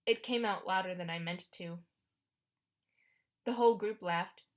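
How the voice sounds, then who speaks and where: A woman's voice: mid-range voice, a little slow. A woman narrating an audiobook in the first person, in a wry, conversational storytelling manner.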